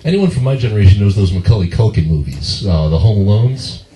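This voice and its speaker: Young male stand-up comic, lively delivery, echoey club recording from far off. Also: brisk. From Las Vegas, Nevada. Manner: animated, jumps into high squealing voices for quoted people. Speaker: stand-up comedian. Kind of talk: stand-up comedy set. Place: comedy club stage. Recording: echoey club heard from a distance.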